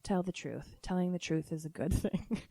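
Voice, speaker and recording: A woman's voice: fairly low pitch, normal speed, gravelly, dark tone, dry recording, studio quality, pitched below the performer's own voice. A woman putting on a Southern accent to voice her flustered, chatty middle-aged mother. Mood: earnest. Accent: Southern US, put on.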